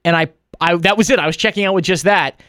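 A man's voice: high-pitched, a bit bright, smooth, no room sound. Joking male sports radio host. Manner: fast, joking, teasing co-host. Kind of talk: casual sports talk radio banter. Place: radio studio.

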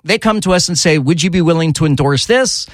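A man hosting a talk radio show, chatting casually and getting animated and exasperated, his voice jumping high when riled up. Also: fairly quick, no echo. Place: radio studio.

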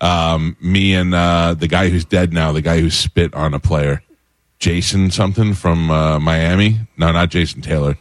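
A middle-aged man with a very deep voice tells stories in casual chat and gets animated as he goes. His pitch leaps up when he gets excited. The sound is dry and close. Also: normal speed, no echo. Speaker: guest, former sports reporter.

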